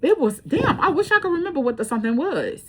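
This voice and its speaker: Woman, fairly high voice, blunt casual storytelling, swears freely. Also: fast talker. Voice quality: blunt, profane, animated storytelling. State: breathing hard. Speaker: tarot reader.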